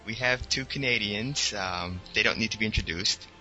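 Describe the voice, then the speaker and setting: A man's voice: fairly low pitch, moderate pace, bright, forceful tone. A man hosting a casual gaming podcast, loose and joking, laughing often. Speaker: podcast host. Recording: dull lo-fi sound, faint music.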